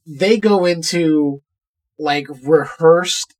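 A man with a slightly high voice talks slowly as he co-hosts a podcast. He's casually recapping a movie, retelling it with animation and performing quotes from its scenes.

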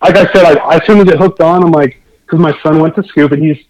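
A man telling a long fishing story in a casual, excitable, rambling way, over dull lo-fi remote audio. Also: fairly high pitch, fast talker. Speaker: guest angler.

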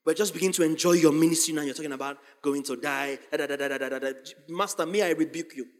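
A man voicing an impulsive, pleading male disciple in hushed, urgent tones within a sermon. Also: a little high, quick pace, pitched below the performer's own voice, lightly acted. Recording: long hall reverb.

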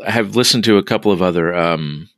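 A man's voice: sits low, a little fast, fairly bright tone, no echo, studio quality. A man guesting on a podcast, chatting casually with self-deprecating jokes. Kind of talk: casual chat.

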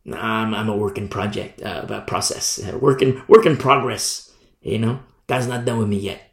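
A man preaching a sermon as pastor, swinging from hushed near-whispers to loud emphatic lines. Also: fairly low pitch, normal speed, vocal fry, echoey room. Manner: preaching with sudden drops to a hush and rises to loud emphasis.

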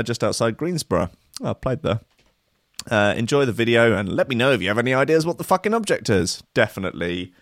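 A comedy podcast host reads the news aloud, breaking off for dry, sardonic jokes in a mock-exasperated tone. His voice is on the low side, and the recording is dry.

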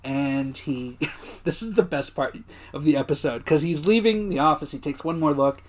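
Young male podcast co-host, slightly high voice, animated, casual, swearing, quick to laugh. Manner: animated, swears, laughs often, acts out characters' lines. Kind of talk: casual recap chat.

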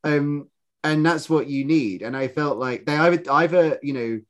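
A man co-hosting a podcast in casual chat, animated and rambling, with many restarts and fillers. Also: on the high side, moderate pace. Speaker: podcast co-host.

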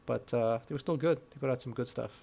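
An older man talks in a loose, rambling way, padding his sentences with fillers and restarts. His voice sits at an ordinary middle pitch. It is relaxed podcast chat with his co-host. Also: fast, gravelly, husky. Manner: rambling, chatty with frequent fillers. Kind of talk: casual chat about music.

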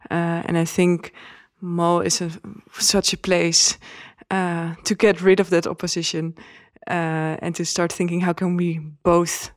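A reflective woman speaks in a level voice with little rise and fall. She thinks aloud in a group talk, pausing to search for words. The sound is dry and close. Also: fairly low pitch, level tone, no echo. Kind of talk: casual group discussion.

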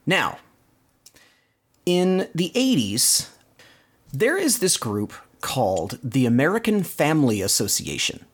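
A man's voice: on the high side, huge pitch swings, slow pace, pauses often. A man hosting a podcast, casually recounting cartoon plots in detail. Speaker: podcast host. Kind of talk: casual cartoon recap chat.

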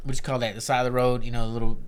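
A man's voice: medium pitch, flat delivery, racing, clean tone. A middle-aged man from Northern California in casual chat, telling loose, profane stories. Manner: swearing, loose storytelling.

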